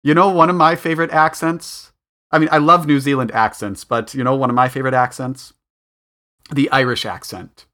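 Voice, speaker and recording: A man's voice: mid-range voice, steady tone, moderate pace, bright, forceful tone. A man co-hosting a podcast in casual chat, talking things through aloud with fillers. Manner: chatty, thinking aloud with fillers. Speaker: podcast co-host.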